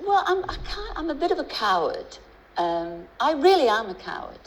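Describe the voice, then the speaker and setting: A woman's voice: high-pitched, big pitch swings, moderate pace, a little hiss or hum, low-quality recording. A middle-aged woman with a Liverpool accent, a chat-show guest who talks in a chatty, storytelling way with many restarts and asides.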